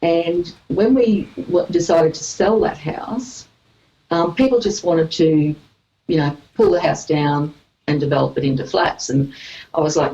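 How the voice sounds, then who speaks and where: A woman's voice: low-pitched, normal speed, a little mellow, dull audio. A woman guest telling a personal story in a casual chat. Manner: storytelling, laughs easily.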